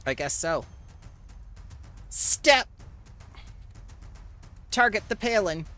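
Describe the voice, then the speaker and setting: A game master running a tabletop session, briskly explaining rules and rolls. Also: mid-range voice, big pitch swings, a bit bright. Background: faint fantasy background music.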